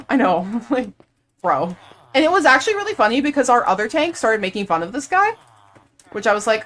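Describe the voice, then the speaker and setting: A young woman streaming live, chatting casually and rambling while she plays, quick to laugh. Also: mid-range voice, lively intonation, fairly bright tone. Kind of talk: casual chat while gaming.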